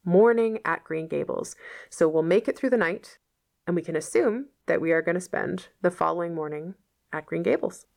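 A woman's voice: lowish voice, a little fast, creaky, a little mellow. A woman reading a novel aloud and patiently explaining old words in casual asides, as a teacher.

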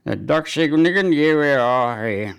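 A man giving community announcements and hockey news, speaking haltingly with many fillers and restarts. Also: on the high side, lively intonation, creaky, clean tone.

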